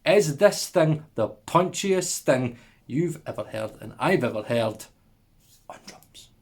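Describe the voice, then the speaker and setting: A man's voice: a little high, lively intonation, unhurried, husky. Jokey upbeat man hosting an audio channel. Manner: jokey, upbeat, repeats words for emphasis. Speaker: audio production YouTuber. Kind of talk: casual chat.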